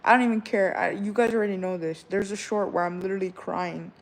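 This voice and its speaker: A woman's voice: mid-range voice, quick pace. A woman in her twenties chatting casually to her viewers, giving rambling advice and often checking in with "all right?". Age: 20s. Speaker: vlogger.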